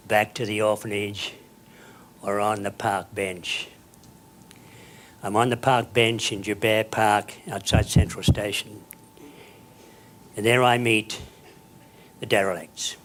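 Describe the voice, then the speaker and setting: A man, giving a motivational speech full of stories, sinking to whispers and then bursting into loud exclamations. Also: on the low side, a little hiss or hum. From South Africa. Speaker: keynote speaker.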